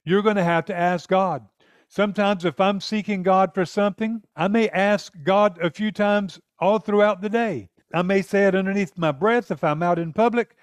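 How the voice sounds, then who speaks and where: High-voiced earnest male preacher. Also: moderate pace, no room sound. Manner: earnest, emphatic, acts out prayers. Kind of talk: sermon.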